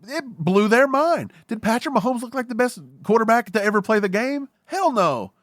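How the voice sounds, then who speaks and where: A man co-hosting a casual sports talk show, ranting with jokes and animated outbursts. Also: very high voice, normal speed, dry recording, clean studio sound. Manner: animated, joking rants. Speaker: podcast co-host.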